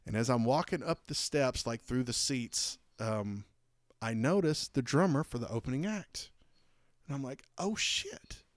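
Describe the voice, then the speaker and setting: A man of average pitch co-hosts a podcast and spins a rambling anecdote with plenty of fillers and restarts. His delivery is animated and chatty, and the sound is close and dry with no room echo. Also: normal speed. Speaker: podcast co-host. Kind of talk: casual storytelling chat.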